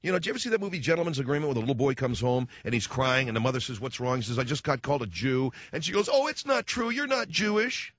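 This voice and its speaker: This male talk radio host races along at medium pitch with few pauses, blunt and sarcastic, animatedly performing the voices of the people he quotes. There's no room sound, just a dull, dry studio tone.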